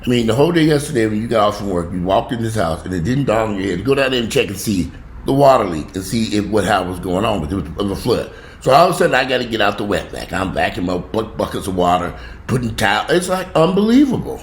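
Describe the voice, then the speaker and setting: A man tears into an angry, profanity-laden rant, his pitch leaping and dropping as he vents. He is recorded in an echoey room at home, with a faint hum of ambience behind him. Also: sing-song, fast talker. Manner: heated, swearing, pitch jumping up when outraged. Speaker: vlogger.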